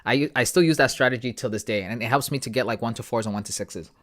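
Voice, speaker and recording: A man's voice: mid-range voice, quick pace, a bit bright. A man who grew up in Ghana, chatting casually on a live stream, joking and using slang as he reads his chat. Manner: laid-back, joking, talks to chat with slang. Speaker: forex trading streamer.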